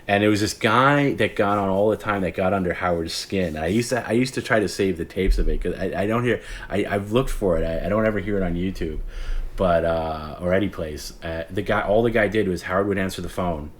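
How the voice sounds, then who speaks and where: A man in his forties with a low voice hosts a late-night livestream. He talks in a loose, meandering way, restarting his sentences and acting out remembered callers as he goes. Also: a little fast. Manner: rambling, self-interrupting storyteller who acts out quoted callers. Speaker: stream host.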